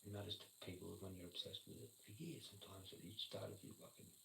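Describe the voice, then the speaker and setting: A man rambles through a casual livestream, swearing freely and punching out little sound effects. His voice sits low and gravelly. He is picked up in an echoey room with loud noise behind him. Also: fast.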